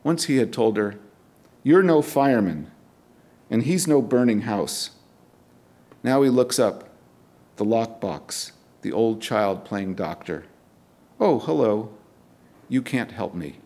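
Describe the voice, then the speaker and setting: A middle-aged man, a poet, reading his poems aloud at a university event in a measured, deliberate way, with casual remarks between poems. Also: on the low side, lively intonation, mellow. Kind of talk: poetry reading.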